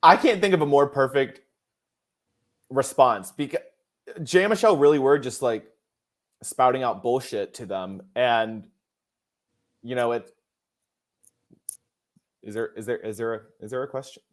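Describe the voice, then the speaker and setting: A man hosting a casual podcast chat, expressive and emphatic, often laughing. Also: medium pitch, a little slow, pauses often. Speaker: podcast host.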